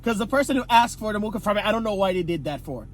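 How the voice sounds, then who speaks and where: An exasperated man from Haiti rants through a comic skit, stammering and tripping over his words. His voice is high and swings widely in pitch. A faint car hum runs underneath. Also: lively intonation, fast. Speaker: comedy creator. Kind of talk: comedic monologue skit.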